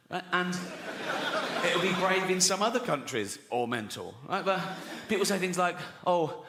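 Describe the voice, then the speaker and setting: A man's voice: a little high, sharp tone, long reverb tail. A man doing a stand-up routine, sardonic and sweary, often breaking into laughter. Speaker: comedian.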